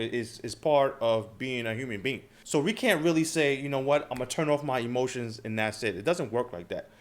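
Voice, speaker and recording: Guy hosting a trading channel, chatty and loose, mid-pitched voice, keeps tossing in "right?". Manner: conversational, frequent filler questions like "okay?" and "right?". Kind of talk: casual talk to camera.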